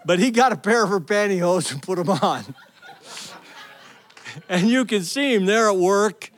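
Speaking at normal speed in a high voice, a middle-aged pastor delivers a sermon full of energetic storytelling. He calls out to the congregation as he goes.

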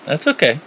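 A man in casual conversation, speaking haltingly with many fillers and frequent agreement. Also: mid-range voice, slight background noise, rough recording. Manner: halting, lots of "you know" and "right", soft-spoken. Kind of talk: casual candid chat.

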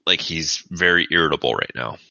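A man game-masters a tabletop session in a loose, casual way, his very low voice bright, forceful, animated, and a little creaky. He talks a little fast, and the dry, dull lo-fi podcast audio has no room sound.

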